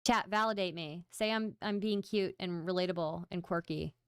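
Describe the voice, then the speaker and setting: With a voice on the low side and a normal speaking speed, this livestream host banters casually with her viewers, playful and self-mocking as she talks right to chat. Her tone is clean, and the studio-quality recording has no echo.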